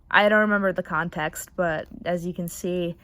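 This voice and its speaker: A woman's voice: lowish voice, a bit bright. A young woman in casual chat, rambling and unsure with many fillers as she shows her sketchbook. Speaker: artist showing her sketchbook.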